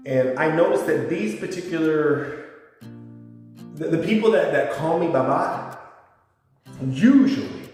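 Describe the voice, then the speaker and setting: A man's voice: medium pitch, very echoey, long reverb tail, recorded from a distance. A man talking informally to his viewers as a YouTuber, explaining words and spelling them out. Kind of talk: casual monologue to camera.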